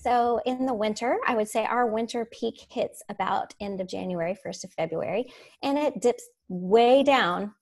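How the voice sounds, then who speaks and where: A woman teacher telling classroom stories in a casual, animated way, laughing as she goes. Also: a little high, normal speed. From Florida. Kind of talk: casual storytelling on a podcast.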